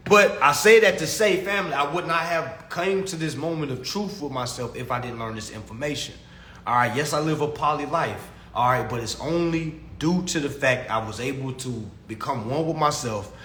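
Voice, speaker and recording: A man's voice: on the high side, sharp tone, reverberant, slight background noise. A man preaching to his livestream audience in a casual, slangy monologue, emphatic and given to repeating himself. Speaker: livestream host answering chat.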